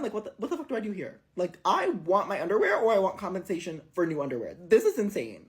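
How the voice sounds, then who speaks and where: A man's voice: high-pitched, very animated, fast talker, hardly any pauses. A young man vlogging casually, telling a travel mishap in a dramatic, exasperated way, swearing and squealing when indignant. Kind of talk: casual vlog storytelling.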